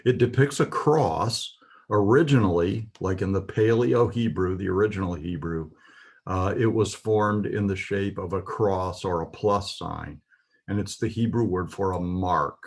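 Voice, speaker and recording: A man with a husky voice teaching a lesson, reading words slowly and carefully with some pauses. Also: sits low. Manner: spells out words carefully, pausing with "uh". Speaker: Hebrew teacher. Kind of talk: slow, deliberate lesson.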